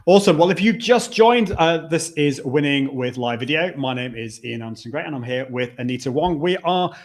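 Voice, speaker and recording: A man hosting a live broadcast from a conference venue. His voice sits on the higher side for a man. He talks in a loose, chatty way, with restarts and asides while he reads out comments from viewers. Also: expressive, brisk. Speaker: live video show host. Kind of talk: casual live-stream chat.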